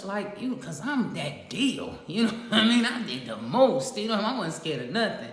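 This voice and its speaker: Profane, animated woman. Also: medium pitch, normal speed, hardly any pauses. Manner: profane, animated, laughing storyteller. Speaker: storyteller. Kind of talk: casual storytelling to camera. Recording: echoey roomy sound with long reverb.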